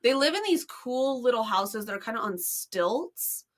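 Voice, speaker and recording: A woman's voice: a little high, animated, moderate pace. A young American woman co-hosting a podcast with her sister, chatty and giggly, wandering into asides. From United States. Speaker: podcast co-host. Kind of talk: casual chat.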